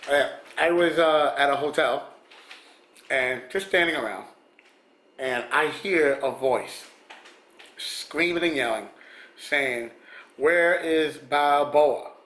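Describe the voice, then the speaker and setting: A man's voice: mid-range voice, fairly bright tone, a little hiss or hum. A man vlogger casually telling celebrity encounter stories, rambling with many restarts and little chuckles. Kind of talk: casual storytelling. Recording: echoey room.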